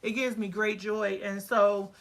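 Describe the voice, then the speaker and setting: A woman running a casual livestream about her candle business, chatty and excitable, full of fillers and quoted asides. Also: mid-range voice, a little slow. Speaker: candle-making business owner.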